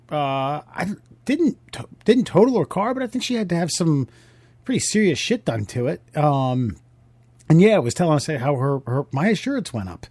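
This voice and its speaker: A man's voice: on the high side, darkish tone, no echo. Joking, rambling man on a dry mic. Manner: joking, rambling, restarts a lot. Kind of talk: casual chat.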